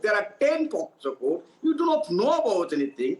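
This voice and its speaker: A man's voice: sits high, wildly swooping pitch, normal speed, hardly any pauses, echoey room, low-quality recording. A man arguing combatively in a heated TV debate, stumbling and restarting as he accuses his opponents. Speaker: political party spokesperson.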